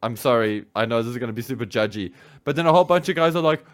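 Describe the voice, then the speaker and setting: A man's voice: medium pitch, very fast. A man co-hosting a podcast in casual chat, talking animatedly, often laughing and acting out what other people say. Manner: animated, laughing, acts out quoted fans. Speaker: podcast co-host.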